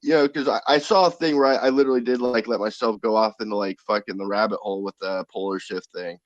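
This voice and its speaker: A man's voice: on the low side, steady tone, fast talker, no room sound, muffled recording. A man talking casually as a podcast guest, rambling with frequent swearing and fillers.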